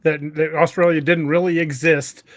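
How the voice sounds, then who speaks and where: A man's voice: a little high, normal speed, no room sound, studio quality. A man in a casual group chat, telling funny stories with animation. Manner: animated storyteller.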